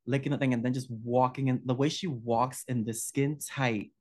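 A man's voice: medium pitch, steady tone, moderate pace, a little mellow. A male podcast co-host chatting about horror films, effusive and gushing, often breaking off mid-sentence.

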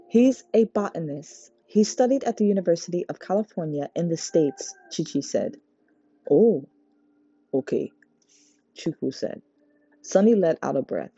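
Lively woman reading a novel aloud. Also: husky, no echo, highs cut off. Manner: lively character voices, high for the girls. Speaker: audiobook reader.

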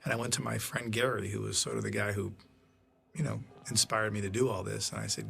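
An older male producer rambles through behind-the-scenes anecdotes on a commentary track. His low voice is heavily gravelly, and he often circles back to restart his sentences. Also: steady tone, a little fast, bright, forceful tone, soft background music. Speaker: film producer. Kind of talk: DVD commentary storytelling.

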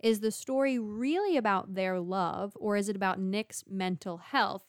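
A young woman leading a casual book discussion, reading out questions and reacting in a lively way. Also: mid-range voice, normal speed, no room sound, studio quality. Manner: lively, laughs often, reads out questions. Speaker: discussion co-host asking questions.

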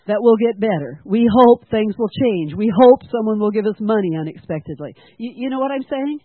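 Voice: mid-range voice, animated, a little fast, few pauses, no room sound. Earnest preacher through a tinny, dry line. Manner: earnest, asks the congregation questions and has them repeat lines. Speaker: teacher at a church school. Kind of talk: sermon. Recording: dry, tinny phone-like sound.

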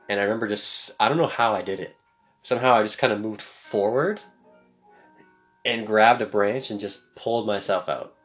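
Low-voiced young man telling a story. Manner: relaxed rambling storyteller, acts out quotes. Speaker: podcast co-host. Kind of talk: casual storytelling chat.

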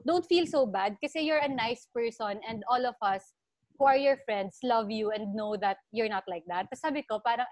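A woman's voice: a little high, moderate pace, dry recording, studio quality. A woman in her thirties with a Filipino accent, chatting as a podcast co-host and telling a long personal story. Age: 30s. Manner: chatty storyteller, mixes Tagalog and English. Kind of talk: casual chat.

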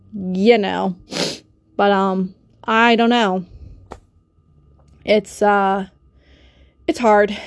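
A woman's voice: mid-range voice, dry recording, studio quality. A young woman with a cold and a stuffy nose, ranting emotionally in a personal vlog, swearing and rambling with many fillers and restarts, recorded on a phone or built-in mic. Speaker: vlogger.

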